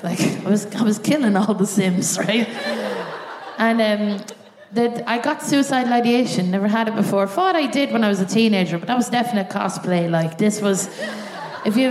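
A woman doing a live stand-up set, telling an animated story and laughing through her punchlines. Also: medium pitch, fairly quick, a little hiss or hum. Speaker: stand-up comedian. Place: large theatre stage. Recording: echoey theatre, audience laughter.

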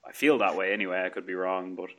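A man's voice: sits low, steady tone, quick pace, sharp tone. A man with an Irish accent hosting a casual podcast interview over a video call, chatty and laughing often, restarting his sentences. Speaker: podcast host.

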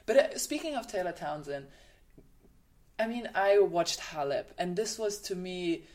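A woman's voice: fairly low pitch, lively intonation, darkish tone. A woman with a German accent co-hosting a casual chat, who has played tennis herself and readily agrees with her partner. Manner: attentive, quick to agree. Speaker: podcast co-host.

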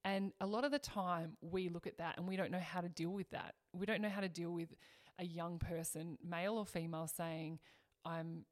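A woman's voice: lowish voice, fairly even intonation, a little fast, no echo, clean studio sound. A woman, a former athlete, speaking reflectively and openly as a podcast guest. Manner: reflective, open, laughs now and then. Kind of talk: interview conversation.

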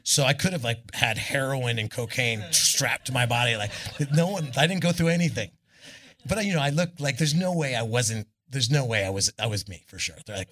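Husky man telling a wild story. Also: on the low side, a little fast. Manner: animated, swearing, acts out the people in his story. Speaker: guest musician. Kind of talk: live on-stage storytelling. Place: live club stage before an audience.

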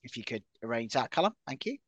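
A man's voice: medium pitch, big pitch swings, quick pace, husky, no echo, muffled recording. A man co-hosting a casual football podcast, playful and jokey. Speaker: podcast co-host. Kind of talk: casual chat.

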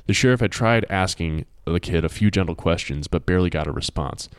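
A man narrating an audiobook in a measured, expressive storytelling manner. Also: sits low, smooth, dry recording, studio quality.

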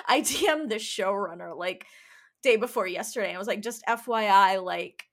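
A woman's voice: mid-range voice, lively intonation, normal speed, fairly bright tone. A woman talking in a casual chat, rambling and emphatic with many restarts.

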